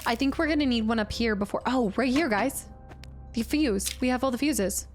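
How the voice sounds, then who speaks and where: Chatty woman streamer, higher voice. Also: normal speed, soft background music. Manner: casual, chatty, thinking aloud. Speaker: game streamer. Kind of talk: live gameplay commentary.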